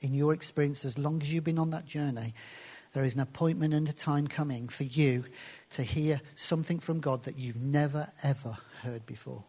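A man preaching a sermon and reading scripture aloud, slowing down and dropping to soft, hushed phrases for emphasis. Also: fairly high pitch, husky.

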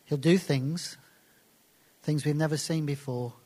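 Man preaching with hushed, deliberate emphasis. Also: a little high, fairly even intonation. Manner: deliberate, dropping to soft hushed phrases for emphasis. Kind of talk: sermon with scripture readings.

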